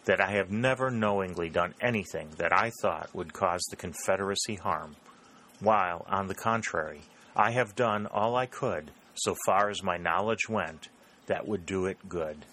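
A man's voice: deep voice, normal speed, pushed and bright, a little hiss or hum, rough recording. A man voicing an earnest young army captain who speaks formally and with measure. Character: earnest young Confederate captain under questioning.

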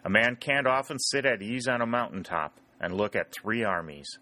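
A man reading an officer's orders aloud in an audiobook, steady and measured. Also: fairly low pitch, dry recording. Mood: commanding. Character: male Confederate officer, commanding and measured.

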